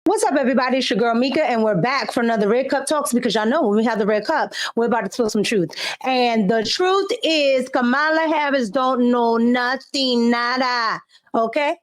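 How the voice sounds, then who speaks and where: Female host, sassy and slangy, slightly high-pitched. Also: moderate pace, a little hiss or hum. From of Cuban family. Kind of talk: opinion commentary.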